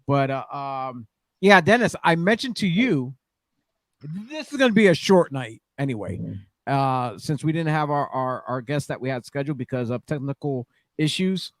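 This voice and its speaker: A man's voice: medium pitch, animated, moderate pace, dry recording. A man hosting a casual wrestling podcast, rambling with fillers and hyping guests like a ring announcer. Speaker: podcast host.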